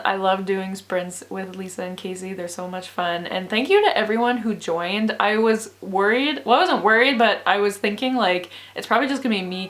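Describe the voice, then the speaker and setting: A woman's voice: mid-range voice, a bit bright. A sleepy, exhausted young woman chatting casually in a book vlog, rambling with lots of "like" and frequent laughs. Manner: rambling, filler-heavy, laughs often. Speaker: book vlogger.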